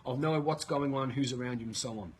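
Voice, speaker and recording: A man with an Australian accent, a leadership coach telling a story in a live webinar, energetic and swearing as he retells it. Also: mid-range voice, brisk, a little hiss or hum, rough recording.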